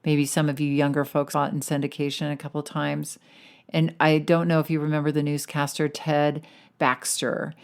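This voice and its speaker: A middle-aged woman hosting a podcast as a weight loss coach, talking in a chatty, encouraging way with animated emphasis. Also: low-pitched, smooth. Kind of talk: podcast monologue.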